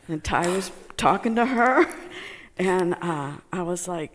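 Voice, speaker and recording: A woman telling a personal story to a group, halting with many fillers and laughing as she talks. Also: fairly low pitch, big-room sound, a little hiss or hum. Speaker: meditation student sharing a testimony.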